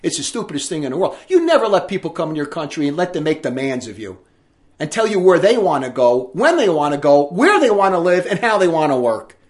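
A man delivering an indignant, forceful monologue with emphatic delivery. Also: a little high, sing-song, fairly quick. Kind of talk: ranting monologue commentary.

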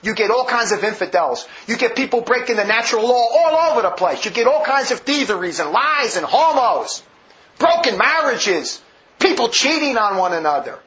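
A man's voice: very high-pitched, big pitch swings, moderate pace, sharp tone. A man preaching a sermon full of stories, vehement and rambling, with many restarts, on a dull lo-fi recording.

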